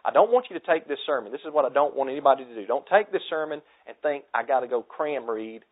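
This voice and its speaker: A man in his thirties delivers a sermon in an earnest, exhorting voice. He leans into the pleas and then lets key lines fall quiet. His voice is of middling pitch, and the recording is narrow and tinny like a phone line. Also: expressive, quick pace. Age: 30s. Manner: earnest, exhorting preacher, drops to soft tones for emphasis. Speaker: pastor.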